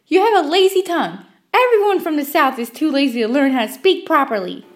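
A woman voicing a shrill, haughty woman customer who scolds and lectures condescendingly. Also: lively intonation, fairly quick. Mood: indignant scolding.

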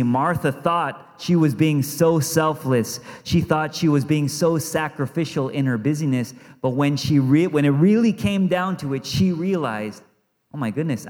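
A man preaching a sermon as pastor in a church, earnest, repeating phrases for emphasis and dropping softly when he quotes. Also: fairly high pitch. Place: church sanctuary. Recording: long reverb of a church hall.

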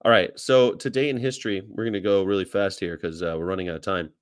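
A man's voice: deep voice, quick pace, smooth, dry recording, clean studio sound. A man, a vegan activist, chatting casually and animatedly, with profanity and funny impressions of people. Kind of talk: casual chat. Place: Charlotte, North Carolina.

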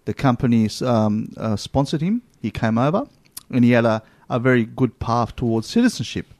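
A man with an Australian accent, hosting a casual chat and telling animated travel stories full of asides. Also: mid-range voice, normal speed, no room sound. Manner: animated storyteller, lots of "you know what?".

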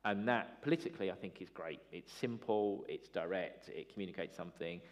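Man, commentator type, chatty and animated, lowish voice, filler-heavy political chat. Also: fairly quick. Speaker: political commentator, former party staffer.

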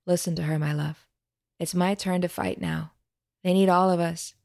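Audiobook: soft-spoken young warrior man, reassuring, read by a woman. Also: fairly low pitch, fairly even intonation, moderate pace, creaky. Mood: tender. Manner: gentle, reassuring. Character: young man fighter, tender and protective.

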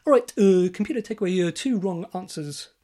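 A woman putting on a smug, taunting male game-show host, loud and gloating with halting pauses. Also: mid-range voice, expressive, close to an everyday voice.

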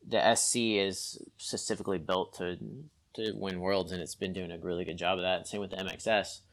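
Guy with a lowish voice chatting about flying, self-deprecating, keeps restarting sentences. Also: steady tone, a little fast. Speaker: guest aerobatic pilot. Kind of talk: casual podcast chat.

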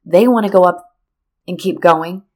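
Animated middle-aged woman telling a story. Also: lowish voice, normal speed. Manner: animated, addresses listeners directly. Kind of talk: personal storytelling talk.

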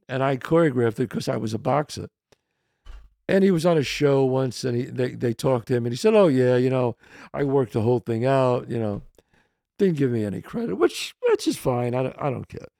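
A man, hosting a podcast and telling a casual, animated anecdote that shifts into quoted voices. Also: on the high side, vocal fry, no room sound, clean studio sound. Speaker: podcast host. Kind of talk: casual storytelling.

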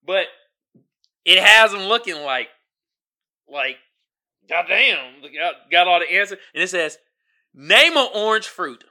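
A man hosting his own solo podcast in casual, slangy chat, animated and laughing, with sudden loud outbursts, talking straight to his listeners. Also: high-pitched, takes it slowly, long pauses. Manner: slangy, addresses listeners directly. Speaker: podcast host.

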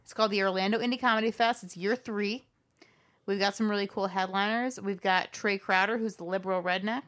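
A woman's voice: mid-range voice, steady tone, fairly quick, a bit bright. Chatty woman comedian guest. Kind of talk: casual chat. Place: studio.

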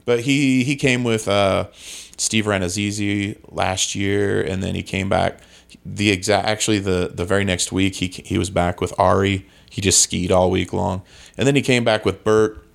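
A man's voice: low-pitched, fairly even intonation, normal speed, vocal fry. A man, a comedian, chatting casually on a podcast in a rambling, self-correcting way.

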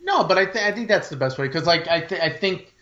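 A man's voice: high-pitched, animated, fast, pushed and bright, lo-fi sound. A man co-hosting a film podcast in casual chat, rambling with many fillers and restarts. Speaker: podcast co-host.

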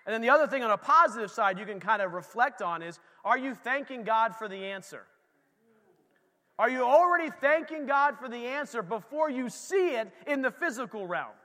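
A pastor preaching a lively, conversational sermon in a church, talking straight to his congregation. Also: extremely high pitch, normal speed, big-room sound.

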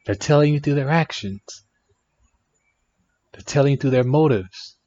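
A man's voice: mid-range voice, moderate pace, mellow, no echo. A man giving relationship advice in a reflective monologue, emphatic and repeating phrases for effect. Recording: dry, dull lo-fi sound.

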